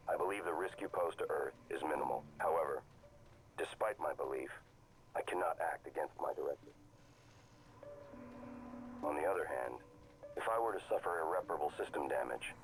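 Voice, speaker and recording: A formal, deep-voiced robot operator. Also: male voice, a little hiss or hum, low-quality recording. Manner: measured, formal, deliberate delivery. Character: calm male operator robot, measured and formal.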